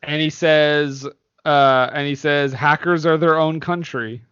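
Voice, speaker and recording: Male podcast co-host, casual, laughs a lot, slightly high voice, dull dry recording. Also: unhurried, clear, resonant tone, dry recording. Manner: laughs often, animated. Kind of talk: casual chat.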